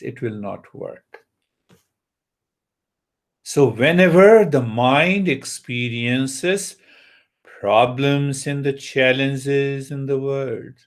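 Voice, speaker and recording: Man, meditation teacher, spiritual talk, mid-pitched voice, slow deliberate delivery, asks listeners questions.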